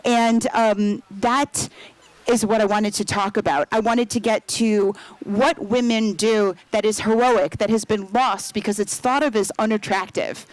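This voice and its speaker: A woman author talking about her novel at a book festival, telling stories with laughter and lively shifts. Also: mid-range voice, unhurried, dry recording, rough recording. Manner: animated, laughing storyteller.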